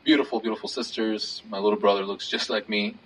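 A man hosting a casual conversation, speaking haltingly with many fillers. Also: on the low side, fairly even intonation. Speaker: host. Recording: distant mic with faint noise.

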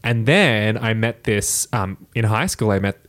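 A man's voice: on the low side, animated, unhurried, a bit bright. Laughing, swearing Australian man. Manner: laughs often, swears casually, rambling restarts. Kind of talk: casual chat.

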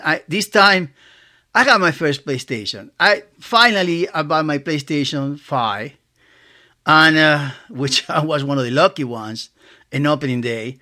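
A man, hosting a casual solo podcast, rambling excitedly, laughing often and acting out both sides of conversations. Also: high-pitched. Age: 60s. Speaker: podcast host.

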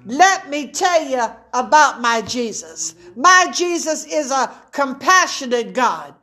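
Middle-aged female preacher, high-pitched, deliberate fervent sermon delivery. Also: very animated, sharp tone. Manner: emotional, fervent preaching with call-and-response.

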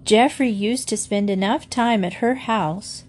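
A woman's voice: mid-range voice, unhurried, darkish tone, lightly acted. A woman reading aloud, voicing a flustered mother who pleads in a raised, distressed voice. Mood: relieved. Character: flustered mother, middle-aged woman, tearful.

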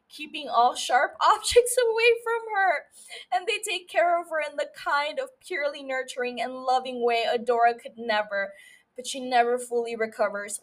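A woman hosting a casual solo recap podcast, emotional and profane as she tells the story. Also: on the high side. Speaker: podcast host.

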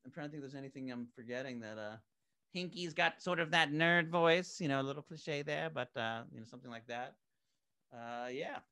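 During a casual interview, a male voice actor from an animated web series talks about his work at length, eager and enthusiastic. He rambles loosely, leans on fillers, and restarts sentences, in a clear, resonant, mid-range voice that is fairly quick with a sharp tone.

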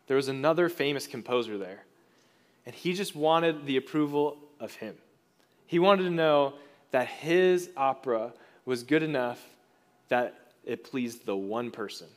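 A male pastor delivers a sermon in a fairly high voice. He talks in an earnest, conversational way and often restarts his phrases mid-thought.

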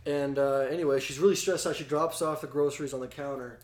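A young man with a slightly high voice tells a family story on a podcast, laughing often and acting out the people in it. The room around him is echoey and roomy. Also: fast talker. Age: young adult. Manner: laughing, animated storytelling with acted-out quotes. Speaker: podcast guest. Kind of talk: casual storytelling.

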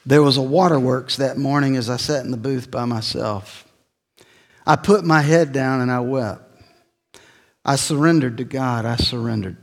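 A middle-aged man preaching a sermon, telling a personal story, his voice swelling and then dropping low. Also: moderate pace, big-room sound. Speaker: pastor.

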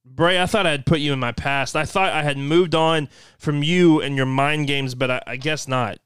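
A man reading a brooding exhausted male wrestler, low subdued delivery, deliberate. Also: steady tone, a bit bright, clear, resonant tone, no room sound, studio quality, natural voice. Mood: grim.

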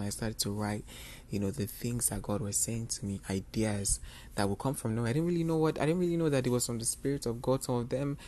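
Young guy sharing his faith story on his podcast, kinda gravelly voice, earnest and rambly. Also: lowish voice. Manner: earnest, confessional, rambling with fillers. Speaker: podcast host. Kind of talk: personal faith testimony.

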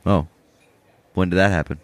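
A man's voice: low-pitched, normal speed, dry recording. A young man co-hosting a podcast in casual chat, laughing often and pushing back in disbelief. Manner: laughs often, incredulous, animated. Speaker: podcast co-host.

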